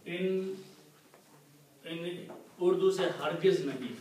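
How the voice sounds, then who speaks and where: A man teaching a classroom Quran lesson, explaining slowly and checking in with "okay" as he repeats each point. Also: on the high side. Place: community center classroom. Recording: very echoey room, distant mic, faint noise.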